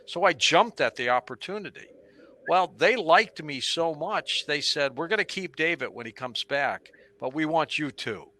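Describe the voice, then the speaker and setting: Bright-voiced older man telling lively stories. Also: a little high, moderate pace. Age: 70s. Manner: animated anecdotal storyteller who acts out quotes. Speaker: radio talk show host, interview guest. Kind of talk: storytelling interview on stage.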